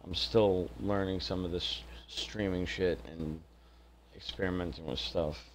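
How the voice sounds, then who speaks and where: A man's voice: sits low, steady tone, measured pace, slight background noise. A man from the area, chatting casually and rambling with profanity while streaming a game. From Greater Boston area. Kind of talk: casual chat while gaming.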